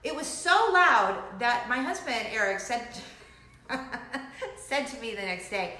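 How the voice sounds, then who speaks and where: Bright, lively woman chatting to camera. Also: fairly high pitch, measured pace. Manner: animated, giggly storyteller. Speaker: host of a weekly chat show. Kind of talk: casual chat to camera. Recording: echoey room.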